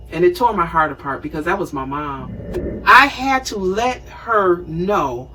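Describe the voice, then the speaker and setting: Host, woman, 50s: husky, lively storyteller, recorded a little way off the mic. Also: fairly low pitch, distant mic, low-quality recording. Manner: animated, conversational, acts out scenes. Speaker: show host. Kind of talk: storytelling talk show monologue.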